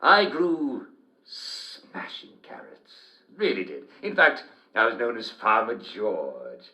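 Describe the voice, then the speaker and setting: A posh mad old king for a game: rambling, giggly, wildly swooping pitch, very bright tone. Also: huge pitch swings, takes it slowly, heavily acted. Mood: rambling merrily. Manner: rambling, giggly, posh, prone to sudden outbursts. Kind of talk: video game character acting.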